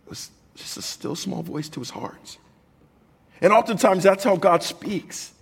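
A man's voice: high voice, expressive, a little slow, creaky, breathy edge. A man preaching a sermon as pastor, conversational and jokey, reading scripture aloud to the congregation.

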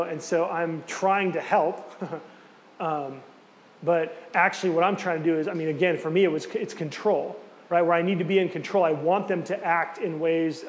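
A man giving a casual, conversational teaching talk with many fillers and asides. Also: a little high. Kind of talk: sermon-style teaching talk. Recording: hall reverb with faint background noise.

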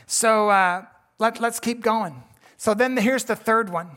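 A man's voice: high voice, slow, bright, forceful tone. A man preaching a sermon as pastor, in a folksy, conversational way, often restarting his sentences.

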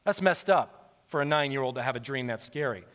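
A man in his thirties preaching a sermon as pastor, telling stories to a congregation in a lively, animated way. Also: medium pitch, a little fast. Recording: long reverb of a large hall.

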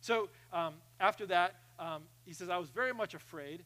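A man preaching a sermon, animated, swinging from loud emphasis to quiet asides, often repeating phrases. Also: high voice, moderate pace, rough recording. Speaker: pastor.

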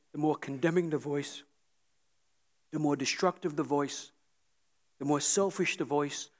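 A man's voice: a little high, a bit bright. A middle-aged male pastor preaching a sermon, earnest and often repeating words, building to emphatic peaks.

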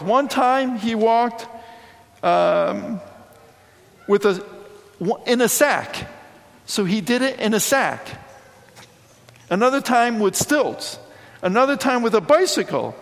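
A man's voice: sits high, vocal fry. Man preaching animatedly in an echoey church. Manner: animated, chatty preaching with frequent asides. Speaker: priest. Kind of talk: sermon.

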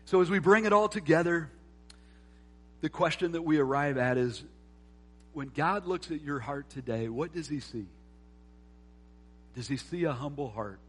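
A man delivering a sermon from the pulpit, with a voice pitched a touch higher than most men. He swings between loud, emphatic lines and hushed, reflective ones. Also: normal speed, long pauses, slight background noise. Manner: animated preaching, swings from loud emphasis to soft, quiet reflection. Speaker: pastor. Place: church sanctuary.

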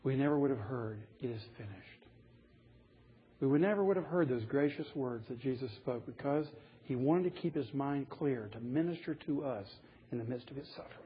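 A man's voice: mid-range voice, lo-fi sound, a little hiss or hum. A man preaching a sermon, earnest and rising to emphatic passages as he reads scripture aloud. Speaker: pastor.

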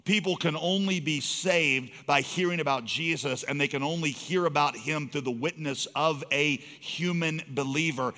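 A man's voice: a little high, moderate pace, few pauses, sharp tone. Man preaching in a reverberant church. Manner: earnest, builds to emphatic urgency. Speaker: pastor. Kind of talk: sermon storytelling. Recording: long hall reverb.

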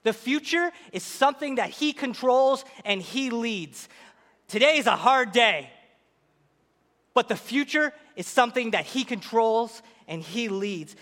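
High-voiced man preaching in a reverberant hall. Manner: animated preaching, dramatic quoted voices. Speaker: pastor. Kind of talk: sermon.

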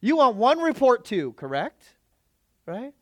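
A man's voice: extremely high pitch, very animated, measured pace, no echo. Emphatic male pastor preaching. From Filipino background. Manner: emphatic, rhetorical questions to the congregation. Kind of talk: sermon.

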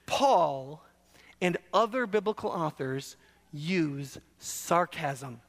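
A man preaching a sermon as pastor, talking conversationally and often checking with the congregation with quick questions. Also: a little high, long reverb tail. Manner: conversational, animated, asks the audience questions. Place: church hall.

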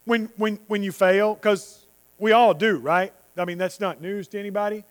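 A man preaching a sermon as pastor, earnest, with frequent stammered restarts and slowed words for emphasis. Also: high voice, fairly even intonation. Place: church sanctuary. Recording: long hall reverb.

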